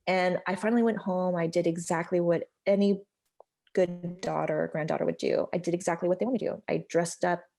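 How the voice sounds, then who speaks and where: A woman's voice: on the low side, steady tone, brisk, creaky, warm tone. An American woman in her thirties, a podcast guest telling a personal story in a candid, heartfelt way, full of "like" and "you know". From United States.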